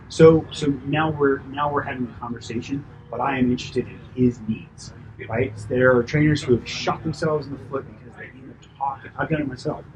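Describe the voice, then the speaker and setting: A man working as a personal trainer, giving a chatty, animated debrief after a client session, full of fillers and asides. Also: mid-range voice, noisy background. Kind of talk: casual coaching debrief.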